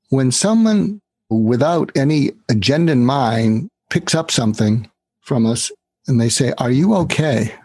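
A man's voice: medium pitch, no echo. An older man telling a story as a guest in an interview, acting out the voices of the people in it. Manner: animated storyteller, acts out quoted voices. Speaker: guest, author.

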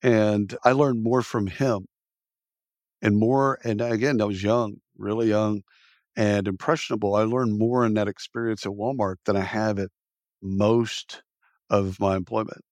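A man's voice: on the low side, unhurried, no echo. A man in his fifties, a podcast guest telling stories bluntly and acting out what others said. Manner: animated storyteller who acts out quoted speech, blunt and salty. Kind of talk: casual storytelling interview.

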